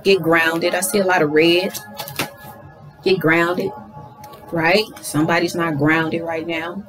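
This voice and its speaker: Animated woman doing a spiritual card reading. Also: lowish voice, slow, over music, low-quality recording. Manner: animated, talks to viewers as y'all, affirming. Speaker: tarot card reader.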